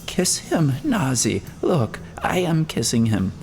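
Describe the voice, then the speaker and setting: A man's voice: mid-range voice, unhurried, creaky, faint music behind. A man reading the part of a desperate, grief-stricken old father who pleads and rails at himself in an audiobook. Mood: frantic. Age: older. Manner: wailing, pleading, self-reproaching.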